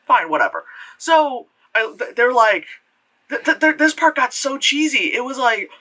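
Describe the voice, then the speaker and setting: A movie reviewer talking casually, rambling and swearing, with lots of fillers and sudden jumps into high voices. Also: moderate pace. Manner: rambling, loose and profane, full of fillers; animated, jumps into high voices for retold reactions. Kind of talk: casual spoken film review.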